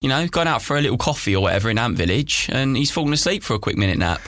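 A man's voice: mid-range voice, animated, very fast, a bit bright. A man co-hosting a podcast, bantering casually in a jokey, teasing way. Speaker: podcast co-host.

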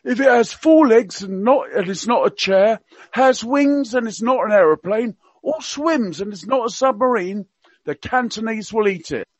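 A man voicing a blunt, tactless elderly royal gentleman, trying for a Cockney accent and firing off cheeky, rude one-liners. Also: high-pitched, lively intonation, normal speed, slightly rough, dry recording, voice pushed up. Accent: attempted Cockney. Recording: dull, dry lo-fi sound.

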